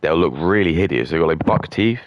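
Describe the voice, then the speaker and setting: A man's voice: deep voice, expressive, brisk, no echo, muffled recording. A young man rambling through a contemptuous rant as a streamer. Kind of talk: ranting casual monologue.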